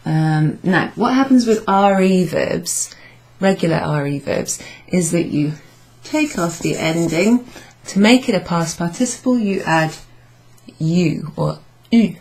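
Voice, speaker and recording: A woman leads a French grammar class, her voice sitting a little low. She talks slowly and patiently, repeating herself and sounding out each French phrase with care. She speaks indoors to a live class. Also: expressive, darkish tone. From Wales. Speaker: French teacher. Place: pub function room, indoors.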